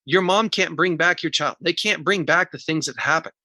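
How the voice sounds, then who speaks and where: A man's voice: fairly high pitch, moderate pace, bright, forceful tone, no echo. A man speaking as a podcast interview guest, earnest and candid as he explains a process step by step. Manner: earnest, teaching in numbered steps; candid and emotional about personal pain. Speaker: podcast guest, recovery coach.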